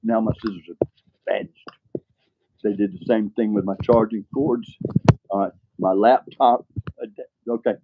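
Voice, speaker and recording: A man's voice: lowish voice, fairly even intonation, moderate pace, narrow, tinny audio, very noisy. An older man talks casually to the camera in a rambling, frustrated way, often tossing in "all right". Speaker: vlogger.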